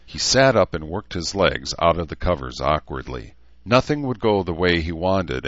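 A man reading an audiobook as narrator with steady, even storytelling. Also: very deep voice, dry recording. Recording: dull lo-fi dry recording.

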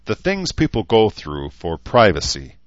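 A man voicing a brisk, dry middle-aged woman doctor. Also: on the low side, huge pitch swings, no echo, muffled recording, voice pushed up.

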